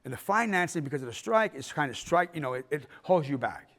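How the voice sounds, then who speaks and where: A man's voice: fairly high pitch, sing-song, quick pace, a bit bright. A middle-aged man giving a filmmaking workshop talk, telling stories with acted-out quotes and the odd swear. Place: arts center auditorium.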